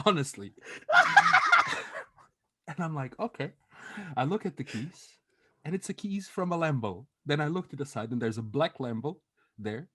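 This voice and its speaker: A man co-hosting a podcast, telling a story in a casual, animated way, swearing and laughing as he goes. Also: a little high, measured pace, long pauses, slightly rough, dry recording, studio quality. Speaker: podcast co-host.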